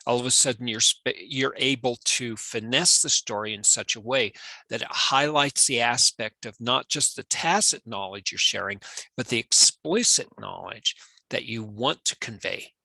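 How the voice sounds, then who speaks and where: A man's voice: medium pitch, normal speed, creaky, bright, forceful tone, no echo, low-quality recording. A man co-hosting a podcast in casual chat, talking animatedly and repeating words as he gets going. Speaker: podcast co-host.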